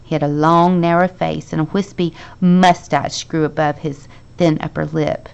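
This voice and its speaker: A woman teacher reading a children's novel aloud to her class, expressive and lively, with the dialogue acted out. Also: sits low, moderate pace, creaky, clear, resonant tone, dull audio.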